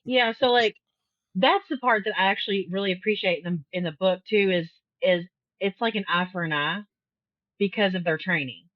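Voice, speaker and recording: A woman's voice: medium pitch, moderate pace, dry recording. Chatty woman podcast co-host, slightly muffled. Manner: chatty, laughs often, acts out quotes. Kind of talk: casual book discussion.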